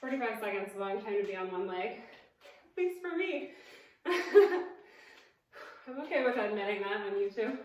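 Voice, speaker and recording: A woman's voice: mid-range voice, lively intonation, measured pace, long pauses, very echoey, distant mic, slight background noise, poor audio. A woman instructing a cardio workout, counting reps and cueing moves, out of breath, with upbeat coaching and self-deprecating asides. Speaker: fitness instructor.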